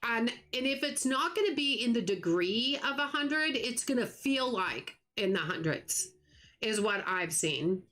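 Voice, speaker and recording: A middle-aged American woman hosting a live stream, chatting earnestly with viewers and often restarting her sentences. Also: a little high. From United States. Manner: earnest, talks fast when excited, trails off and restarts. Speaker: livestream gaming host. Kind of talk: casual chat with live viewers.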